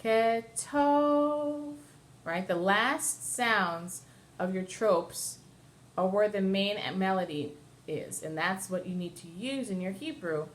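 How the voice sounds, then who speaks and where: A woman's voice: mid-range voice, takes it slowly, fairly bright tone, a little hiss or hum. Woman cantor teaching chant step by step. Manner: patient, explanatory, step-by-step, breaks into chant. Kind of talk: classroom lesson with sung examples.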